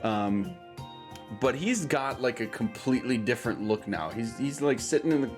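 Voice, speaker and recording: A man's voice: medium pitch, lively intonation, moderate pace, music in the background. A man narrating as game master for a tabletop game, loose and giggly, with lots of fillers.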